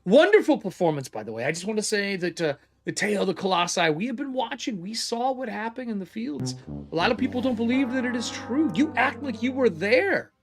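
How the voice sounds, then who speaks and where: A man's voice: sits high, very animated, a little fast, voice pushed up. A man voicing an old male historian who is polite but guarded and keeps pressing with questions. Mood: curious.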